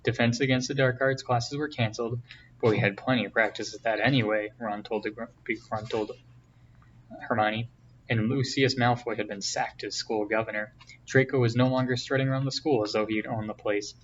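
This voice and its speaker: A man reading a novel aloud in a steady, plain storytelling voice. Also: mid-range voice, brisk. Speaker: reader. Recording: distant, dull, faint hiss.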